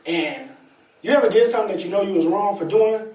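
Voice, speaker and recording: A man speaking as a motivational speaker, telling a personal story to an audience in an animated, colloquial way with laughter. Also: high-pitched, fast. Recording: echoey room, distant mic, faint ambience.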